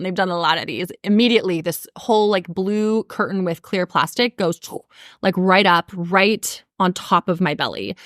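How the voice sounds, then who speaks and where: A woman's voice: on the low side, fairly bright tone, no echo. Earnest woman telling her story, dry close mic. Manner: earnest, emotional, many fillers like "like" and "you know". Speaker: podcast host. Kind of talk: personal storytelling.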